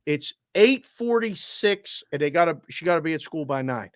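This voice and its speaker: A man co-hosts a sports betting show in loose, animated chat, with plenty of swearing as he tells his stories. His voice sits fairly high. The sound is dry and close. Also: moderate pace, no echo. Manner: animated, profane storyteller.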